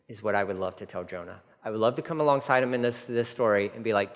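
A man preaching a casual, animated sermon, acting out the people in his story. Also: fairly low pitch, quick pace, hardly any pauses. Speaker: pastor. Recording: long hall reverb.

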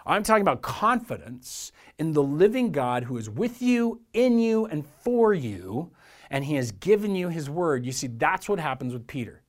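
Male pastor, slightly high voice, earnest conversational sermon delivery. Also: very animated, moderate pace. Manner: earnest, conversational preaching with rhetorical repetition.

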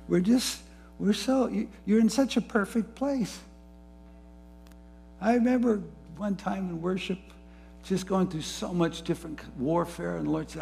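A man preaching a sermon, moving between soft, low musing and rising, fervent emphasis. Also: moderate pace, gravelly, a little hiss or hum. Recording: faint music behind.

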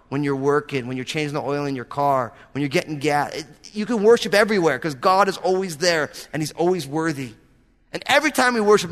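A pastor preaching a sermon in an earnest, conversational way, with casual asides to the congregation. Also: male voice, on the high side, a bit bright, big-room sound.

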